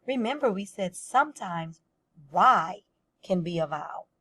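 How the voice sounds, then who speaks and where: A woman's voice: lowish voice, expressive, unhurried, bright, forceful tone. A woman teaching a first-grade reading lesson, patiently sounding out words and guiding young children step by step.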